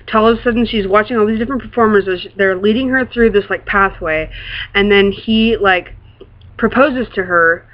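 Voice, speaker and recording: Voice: medium pitch, muffled recording. An adult vlogger who works in a classroom, chatting casually to camera in a rambling, gushing way, full of fillers and casual swearing.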